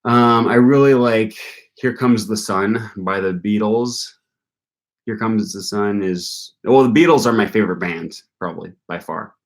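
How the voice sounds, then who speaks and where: A man's voice: lowish voice, a little slow. A young man hosting a live-stream Q&A, chatting casually and thinking aloud with frequent ums. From North Carolina. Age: young adult. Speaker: channel host answering viewer questions.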